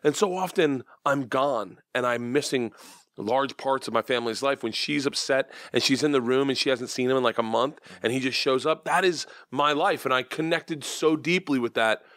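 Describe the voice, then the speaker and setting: A comedian man in his forties, a podcast guest telling stories in a high-energy, swearing way, with sudden shrieks and acted quotes. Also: moderate pace, fairly bright tone, no room sound, clean studio sound. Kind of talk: casual podcast chat.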